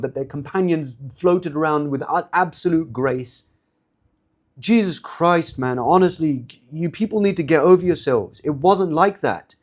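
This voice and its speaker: A man giving a religious lecture in an impassioned, sarcastic manner. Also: a little high.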